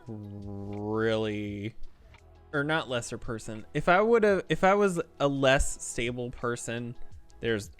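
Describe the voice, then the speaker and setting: Smooth-voiced man ranting on stream. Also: mid-range voice. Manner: animated, swearing, rambling with restarts. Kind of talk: casual rant during a game stream.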